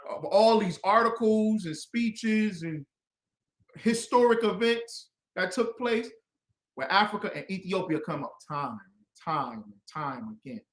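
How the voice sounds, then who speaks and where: A man teaching as a religious instructor, combative and preachy, with loud emphatic bursts. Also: sits high, lively intonation, unhurried, reverberant. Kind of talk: fiery teaching commentary.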